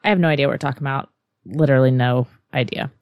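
A woman's voice: a bass voice, steady tone, racing, dry recording, lo-fi sound. A young adult woman co-hosting a podcast, bantering in a playful, joking way. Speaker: podcast co-host. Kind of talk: casual podcast chat.

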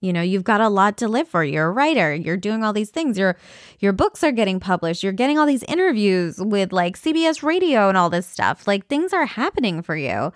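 A woman's voice: medium pitch, big pitch swings, a little fast, dry recording, clean studio sound. A young woman talking candidly in a personal vlog, rambling with fillers and restarts. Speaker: vlogger.

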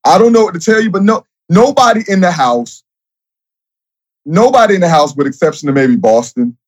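A man who is a guest on a podcast, speaking casually, often halting and repeating his words. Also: sits high, animated. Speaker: guest, former reality show contestant. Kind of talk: casual interview chat.

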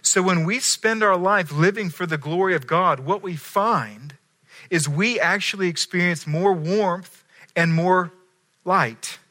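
Bright-voiced man preaching a sermon. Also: sits high, measured pace. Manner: animated storytelling, acting out voices with swings from loud to hushed. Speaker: pastor.

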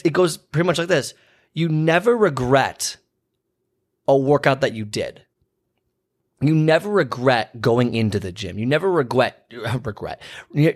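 A man who works as a personal trainer, giving a casual motivational talk with lots of fillers, restarts and repeated phrases. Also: mid-range voice. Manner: chatty, repeats himself, many fillers and restarts.

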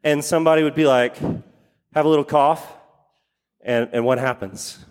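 A man's voice: on the high side, fairly even intonation, moderate pace, clear, resonant tone, long reverb tail. A man preaching a sermon, repeating key phrases for emphasis and putting questions to his congregation. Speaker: pastor.

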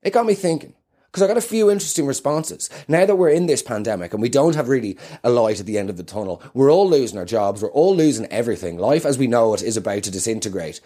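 An Irish man hosting his own show, delivering an animated, sardonic comedic monologue. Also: mid-range voice, quick pace.

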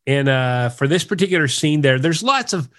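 A man's voice: fairly high pitch, lively intonation, normal speed. A man co-hosting a podcast in casual, rambling, enthusiastic chat. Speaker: podcast co-host.

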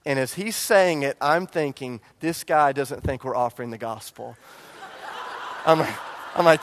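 Pastor guy in his 40s, bit high pitched, funny self-deprecating sermon story, stumbles and restarts a lot. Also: fairly quick, a bit bright. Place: church service before a congregation.

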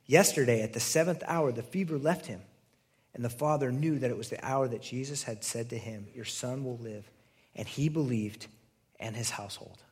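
Male pastor, conversational sermon, slightly higher pitch, husky, restarts his sentences.

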